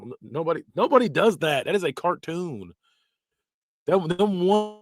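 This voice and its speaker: Lively, laughing podcast host guy. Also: on the high side, a little fast, no room sound, studio quality. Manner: laughs often, slips into exaggerated voices for quoted phrases. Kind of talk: casual reaction commentary.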